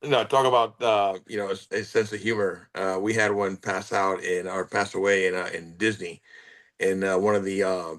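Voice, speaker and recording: A man's voice: low-pitched, steady tone, moderate pace, fairly bright tone. A man co-hosting a podcast, telling a story in a chatty, somewhat hesitant way with frequent filler sounds. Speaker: podcast co-host. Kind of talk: casual anecdote telling.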